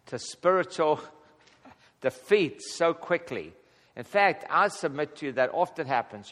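Chuckling man teaching the Bible in a hall. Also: fairly high pitch. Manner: lively, chuckles often, acts out quoted prayers. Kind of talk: casual Bible teaching to a group. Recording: long hall reverb.

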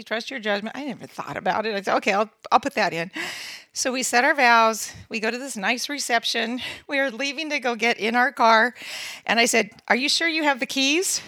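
A woman's voice: on the high side, sharp tone, no echo. A woman in her sixties giving a sermon-style talk, mixing scripture with funny personal stories and laughing often at herself. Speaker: women's ministry speaker.

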